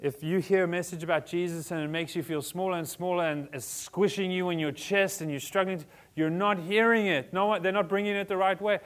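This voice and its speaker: A man in his forties preaching a sermon as a pastor, animated, joking with the congregation and swinging between soft and loud. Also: high-pitched, fairly quick, few pauses. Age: 40s. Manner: animated, varies loudness, jokes with congregation.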